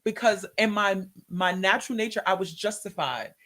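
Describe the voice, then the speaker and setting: A woman telling an emotional personal testimony in a conversation, animated and acting out the words in quotes. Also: mid-range voice, moderate pace. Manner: animated, acts out her own and others' words in quotes. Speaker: guest sharing a testimony.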